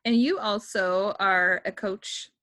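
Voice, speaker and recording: A woman's voice: medium pitch, slow pace, pushed and bright, no room sound, clean studio sound. A woman hosting a casual chat, upbeat and encouraging. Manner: upbeat, encouraging, enthusiastic affirmations. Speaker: host health coach. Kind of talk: casual video call chat.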